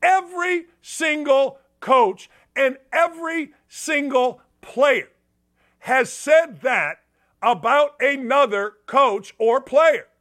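Sports radio host, a man with a high, bright voice, blunt and sarcastic, lively delivery. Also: slow. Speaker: sports talk show host. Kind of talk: opinionated sports talk monologue.

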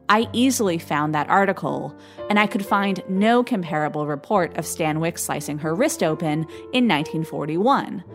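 Wry woman narrating over music. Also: low voice. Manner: wry, skeptical storytelling. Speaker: podcast host. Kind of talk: scripted narration.

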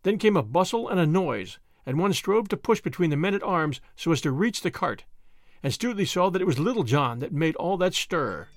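Guy reading an old tale aloud, kinda high voice, very dry recording. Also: a little fast, dry recording. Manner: expressive, lilting reading. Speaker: audiobook reader. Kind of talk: storybook narration.

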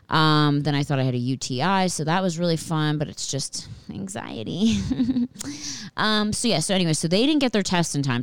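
Casual podcast host, female, low pitch, swears freely, dry close recording. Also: smooth, no room sound. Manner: animated, swears constantly, anxious rambling. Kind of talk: casual storytelling monologue.

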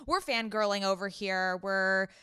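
A woman's voice: medium pitch, unhurried, bright, forceful tone, clean tone, dry recording. A young woman co-hosting a casual podcast, upbeat and encouraging. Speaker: podcast co-host.

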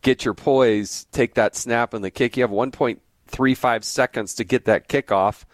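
A man's voice: medium pitch, fairly even intonation, moderate pace, no echo. A middle-aged man hosting a podcast, chatting casually and animatedly, often breaking in with side notes. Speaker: podcast host. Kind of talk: casual interview chat.

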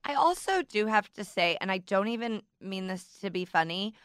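A woman's voice: medium pitch, animated, normal speed, fairly bright tone, clear, resonant tone, no room sound, studio quality. A young adult woman from a northern US state, a podcast guest riffing jokingly with quoted asides. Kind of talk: casual panel chat.

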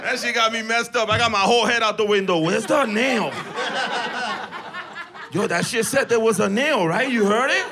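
A man doing a profane, animated stand-up routine on a club stage, acting out scenes with sudden yelps and shouts. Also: sits high, normal speed, crowd noise. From Latino, in Los Angeles. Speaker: stand-up comedian. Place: comedy club stage with audience. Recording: noisy live club recording with laughter.

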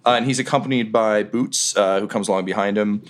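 A man's voice: on the low side, brisk. A man narrating a tabletop game as game master in a casual, rambling way.

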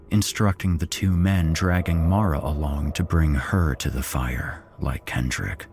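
Male horror narrator, deep and unhurried, grim and dramatic. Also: a little mellow, soft background music. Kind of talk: first-person horror story narration.

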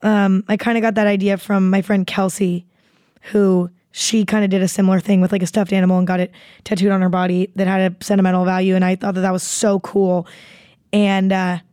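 A woman's voice: mid-range voice, level tone, brisk, warm tone, smooth, no room sound. Rambling young woman podcast host, dry. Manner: rambling, swears freely. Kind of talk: casual chat.

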